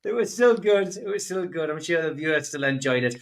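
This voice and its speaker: A man's voice: on the high side, expressive, vocal fry. A man hosting a football podcast, reading out club news and then putting questions to his guest. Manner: brisk, reads out news items then asks questions. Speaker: podcast host. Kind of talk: casual chat and news reading.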